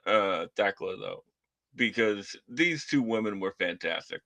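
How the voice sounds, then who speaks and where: Boston-accented male co-host, casual podcast chat, bright tone, dry close mic, stop-start delivery. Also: lowish voice, animated, no room sound. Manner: halting, many restarts, wry complaints.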